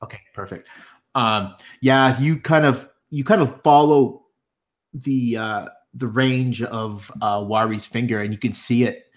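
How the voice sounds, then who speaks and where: A man narrating a tabletop game as game master, speaking haltingly with frequent pauses and fillers. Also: medium pitch, fairly even intonation.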